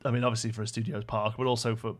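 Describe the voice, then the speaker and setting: A man's voice: medium pitch, level tone, rapid-fire, soft background music. A young British man livestreaming a building game, rambling to himself and answering chat questions in a casual way. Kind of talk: casual live-stream chat while building.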